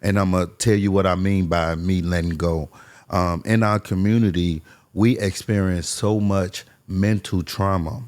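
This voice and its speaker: A man's voice: sits low, fairly even intonation, normal speed, darkish tone. A man as a podcast guest, earnestly telling his life story and repeating phrases for emphasis. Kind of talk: candid personal story.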